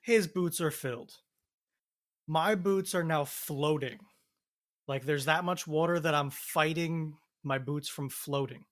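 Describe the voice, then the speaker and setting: Male co-host, higher voice, easygoing, steady step-by-step storyteller. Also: slow pace. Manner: laid-back storyteller recounting events step by step. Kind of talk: casual chat.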